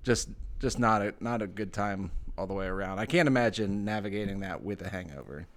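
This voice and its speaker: Lowish man, sarcastic podcast banter. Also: a little fast. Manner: sarcastic, self-deprecating, rambling with fillers. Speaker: podcast co-host. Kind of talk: casual chat.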